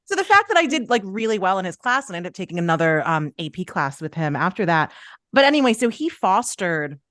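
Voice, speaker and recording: A New York City woman in her thirties with a lowish voice tells her story in a loose, candid way. She circles back and restarts as she goes. The sound is dry and close. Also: very animated, a little fast, fairly bright tone, dry recording. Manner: candid, chatty, many fillers and restarts. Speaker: sports journalist guest. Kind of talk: casual interview chat.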